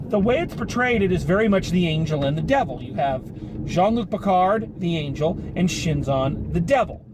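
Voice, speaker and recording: A man giving a rambling, sarcastic spoken film review, casual and swearing now and then. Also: high voice. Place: car while driving home. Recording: car cabin with road noise.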